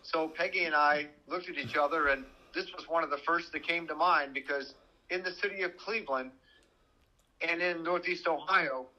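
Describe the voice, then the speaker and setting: A man's voice: on the high side, moderate pace, sharp tone, rough recording. A man who works as a news reporter, talking on a podcast and recounting events in a direct way. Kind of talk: conversational true-crime podcast.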